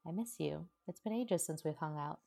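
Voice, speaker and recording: A woman voicing a gentle young man hero, soft-spoken, caring and lightly teasing. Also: sits low, steady tone, brisk, gravelly.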